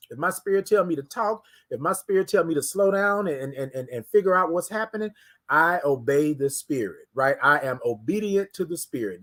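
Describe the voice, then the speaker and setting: Male host, casual morning show, storyteller who acts out quotes, slightly higher voice. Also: fairly bright tone. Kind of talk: casual morning livestream talk.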